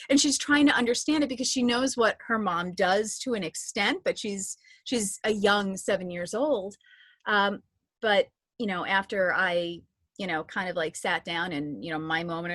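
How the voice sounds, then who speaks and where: A woman's voice: mid-range voice, normal speed, a bit bright, no echo, clean studio sound. A woman in her thirties, an audio description narrator, telling stories in a chatty interview with many restarts. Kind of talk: casual interview talk.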